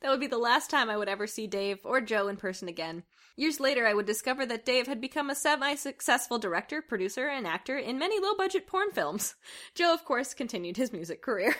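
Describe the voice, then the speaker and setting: Reading fan fiction aloud on a comedy podcast she co-hosts, a woman speaks quickly and animatedly in a fairly high, slightly bright voice. She's giggly and keeps breaking into laughter as she reads.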